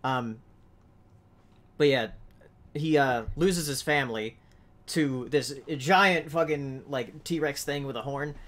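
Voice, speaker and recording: A man hosting a podcast in casual chat, halting and full of fillers. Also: mid-range voice, a bit bright. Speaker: podcast host.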